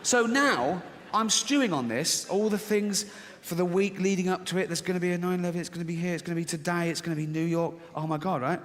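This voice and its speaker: A man's voice: high voice, quick pace, few pauses. A middle-aged man performing a stand-up comedy routine, telling a story on stage and acting out both sides of an inner argument. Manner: animated storytelling, swinging between voices of inner argument. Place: large theatre stage. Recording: stage mic in a reverberant hall with faint audience.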